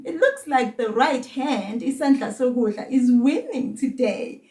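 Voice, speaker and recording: Woman, South African accent, children's teacher, encouraging, high voice, roomy recording. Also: lively intonation, mellow, distant mic. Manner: encouraging, sing-song, repeats words slowly for kids to echo. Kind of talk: slow, patient children's lesson.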